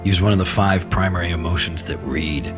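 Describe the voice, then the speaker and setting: A man's voice: low-pitched, brisk, music in the background. A man who directs films hosts a radio advice segment for actors, talking frankly and wryly. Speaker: film director and acting coach, radio segment host.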